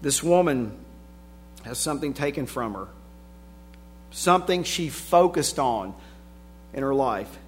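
A man preaching a sermon, reading scripture aloud and swinging from hushed passages to shouted emphasis. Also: medium pitch, animated, a little slow, long pauses, a little hiss or hum. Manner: reads scripture in King James wording.

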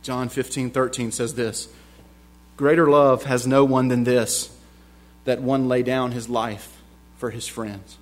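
Male preacher, sermon delivery, hushed lulls rising to emphatic peaks, mid-pitched. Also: level tone. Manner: slows down for emphasis, with restarts.

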